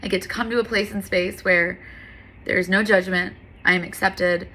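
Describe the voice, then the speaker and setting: A woman's voice: on the low side, steady tone, moderate pace, sharp tone. A woman yoga instructor talking in an earnest, candid, heartfelt monologue, with frequent fillers.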